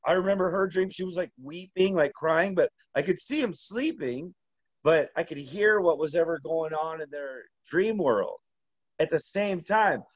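A man with a fairly high voice tells a long story in a loose, rambling way, stopping and restarting often. The sound is dry and dull, as if recorded close up on modest gear. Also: animated, dry recording. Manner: rambling, halting, full of "like" and restarts. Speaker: interview guest. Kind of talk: casual storytelling.

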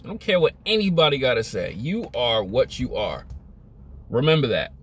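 A man's voice: mid-range voice, big pitch swings, normal speed, husky. A young man vlogging a motivational rant, emphatic, repetitive and scolding.

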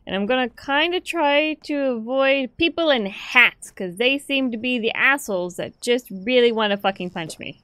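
A woman gamer giving playful let's play commentary, swearing now and then and breaking into excited squeals. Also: fairly high pitch, normal speed, few pauses, no room sound. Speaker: gamer playing a story game.

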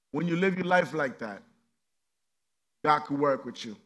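High, bright-voiced preaching pastor. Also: male voice, moderate pace, long pauses. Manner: impassioned preaching, swinging between loud emphatic peaks and hushed low passages; repetitive rhetorical questions. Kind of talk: sermon.

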